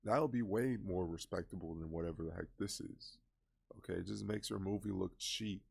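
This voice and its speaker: A man's voice: low voice, a little fast, vocal fry, darkish tone, breathy edge. A man giving casual reaction commentary on a movie trailer, scoffing and exasperated as he critiques it.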